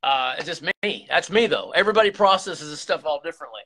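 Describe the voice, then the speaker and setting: Man, confessional vlog talk, bright tense voice, slightly high, rambling restarts. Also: expressive, fast. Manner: rambling, earnest, many restarts and repeated words. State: emotional, close to tears. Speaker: YouTube channel host.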